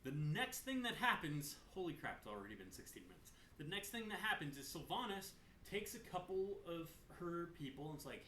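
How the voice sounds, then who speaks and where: Animated man recapping game lore. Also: fairly high pitch, a little fast, few pauses. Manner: animated, swears, digresses. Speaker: gaming lore video host. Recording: roomy echo, faint room noise.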